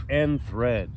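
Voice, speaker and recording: A fitness coach in his fifties with a mid-range voice leads a guided morning stretch on a mat on the grass outdoors, with background noise audible. Upbeat and jokey, he cues each movement as he does it, sounding a little stuffy and clearing his throat now and then.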